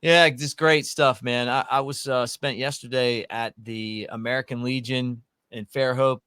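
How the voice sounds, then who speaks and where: A man's voice: mid-range voice, steady tone, unhurried, sharp tone, clear, resonant tone, no room sound. Man, show host, folksy rambling talk, casual chat, dry close sound. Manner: rambling, folksy, many restarts. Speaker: podcast host.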